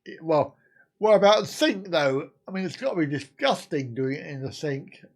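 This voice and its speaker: A man's voice: fairly high pitch, expressive, normal speed. A man in his fifties from the UK, hosting a casual live stream and bantering crudely with his viewers. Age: 50s.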